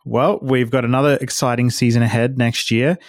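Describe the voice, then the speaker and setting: A man's voice: medium pitch, steady tone, a little fast, no echo, clean studio sound. A man hosting a casual podcast call, laughing often between lines. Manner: laughs often, asks guests to repeat lines for the edit. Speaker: podcast host. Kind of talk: casual group chat over a call.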